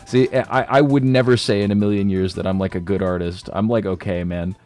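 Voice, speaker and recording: A man's voice: fairly low pitch, fairly even intonation, fairly quick, darkish tone, no room sound, soft background music. A man streaming a game and chatting casually, laid-back and slangy, joking at his own expense and laughing often.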